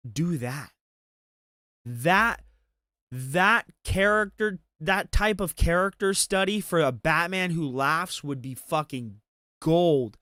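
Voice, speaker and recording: A man's voice: fairly high pitch, expressive, slow pace, sharp tone, no room sound, studio quality. A man ranting about movies on a casual commentary stream, swearing freely. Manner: profane, ranting.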